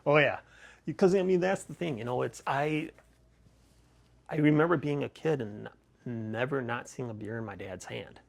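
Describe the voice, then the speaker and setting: A man's voice: medium pitch, normal speed, gravelly. A middle-aged man on a podcast, telling rambling personal stories with many restarts and laughs. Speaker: podcast host, guest. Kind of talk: casual interview storytelling.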